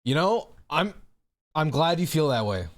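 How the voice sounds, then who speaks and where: A man's voice: fairly high pitch, very animated, measured pace. A young man, a streamer chatting casually and reading chat aloud, loose and laughing, swearing freely. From United States.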